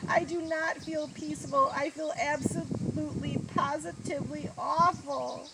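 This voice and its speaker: A woman voicing a young male critter ballplayer who speaks in a high, emphatic way. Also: animated, normal speed. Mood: upset. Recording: noisy outdoor recording.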